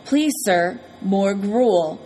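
A woman's voice: medium pitch, expressive, extremely slow, warm tone, a little hiss or hum. Woman reading a small theatrical boy. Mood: mock pleading. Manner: mock-formal, pleading.

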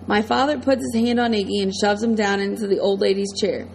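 A woman reading a first-person audiobook in a steady, plain storytelling manner. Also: mid-range voice, a little fast, few pauses, slight background noise, poor audio. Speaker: audiobook narrator.

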